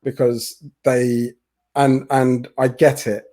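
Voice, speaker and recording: Host, man, 40s: warm mellow tone, stumbling and restarting as he talks. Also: mid-range voice, flat delivery. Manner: halting, with many restarts. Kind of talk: casual interview chat.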